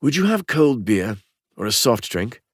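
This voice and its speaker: A man's voice: mid-range voice, big pitch swings, husky, no echo, studio quality, pitched above the performer's own voice. A male narrator voicing a polite, reserved Englishman with an English accent who has settled in America. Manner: polite, measured.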